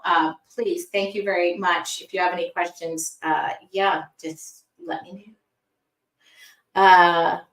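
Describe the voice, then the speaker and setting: A woman's voice: lowish voice, fairly bright tone, recorded from a distance. Middle-aged woman art teacher, effusive livestream chat, echoey room, set back from the mic. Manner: effusive, reads viewer comments aloud. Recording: roomy sound from away from the mic.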